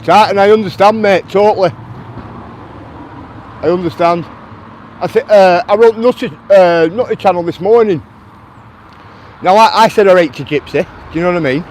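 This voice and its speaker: A Lancashire man walks through a town near traffic, live-streaming and answering viewers' comments while calling them mate. His voice is high and a little mellow at normal speed with long pauses, over a slight hiss or hum.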